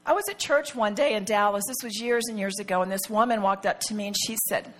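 A woman's voice: medium pitch, fast, a bit bright. A middle-aged woman teaching a Bible study to a live group. She tells personal stories earnestly and confidingly, with many rhetorical questions.

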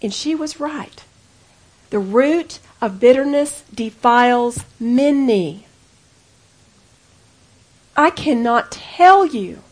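A woman, preaching to a women's gathering, swinging from loud emphatic urging to soft confiding. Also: a little high, poor audio. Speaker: women's ministry speaker.

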